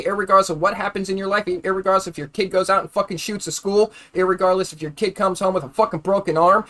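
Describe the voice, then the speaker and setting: A man ranting angrily on a live stream, swearing constantly and repeating himself as he gets heated. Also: high voice. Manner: heated, profane, repetitive, grows louder when angry. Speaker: livestreamer. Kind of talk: angry live-stream rant.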